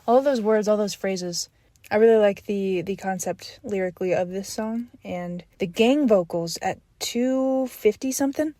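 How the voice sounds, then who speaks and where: A woman's voice: mid-range voice, moderate pace, dark tone, no room sound. Rambling woman podcaster with dry sound. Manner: rambling, enthusiastic, many fillers and restarts. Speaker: podcast host reviewing an album. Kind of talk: casual solo album review.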